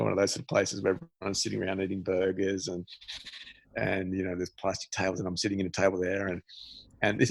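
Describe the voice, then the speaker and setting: A man's voice: deep voice, vocal fry, breathy edge. A man in his forties, a meditation teacher, telling a candid, reflective story as a podcast guest, with frequent restarts. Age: 40s.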